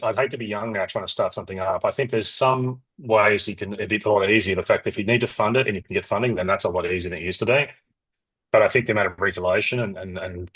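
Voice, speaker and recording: A middle-aged Australian man, a company founder, talking in a rambling, animated way with lots of restarts and asides in an interview. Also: on the low side, slightly rough, no echo, rough recording. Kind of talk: casual interview talk.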